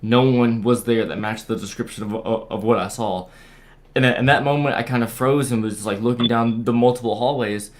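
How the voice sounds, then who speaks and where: Halting, stammering young man. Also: medium pitch, fairly even intonation. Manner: halting, repeats words and restarts often. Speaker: guest sharing a paranormal experience. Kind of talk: casual storytelling on a video call.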